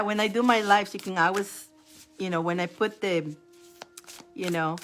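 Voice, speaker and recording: A woman hosts a live-stream tarot reading in a mid-pitched voice. She talks in a chatty way, calls out names over and over, and laughs often between readings. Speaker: tarot reader.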